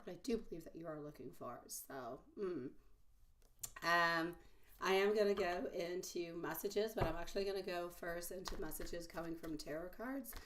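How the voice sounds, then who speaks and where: Hoarse, husky tarot reader woman. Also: fairly low pitch, noisy background. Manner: affectionate, calls viewers sweetie and my love. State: hoarse from a mild cold. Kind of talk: live-stream tarot reading.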